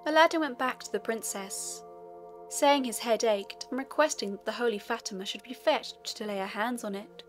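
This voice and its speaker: A woman narrating a fairy tale audiobook in an even, measured storytelling manner. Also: on the high side. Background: faint music.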